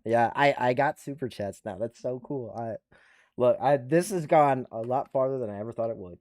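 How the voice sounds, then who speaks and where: A man's voice: mid-range voice, normal speed, darkish tone, no echo, clean studio sound. A man hosting a livestream, telling a casual profane story and ranting animatedly, recorded on a desktop USB mic at home. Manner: swears constantly, restarts, rants animatedly. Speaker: livestream host and army veteran. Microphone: desktop USB microphone.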